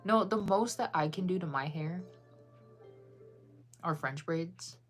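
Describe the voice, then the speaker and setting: A woman's voice: fairly low pitch, takes it slowly, soft background music. A woman chatting casually with viewers on a live stream, bubbly and full of "like" fillers.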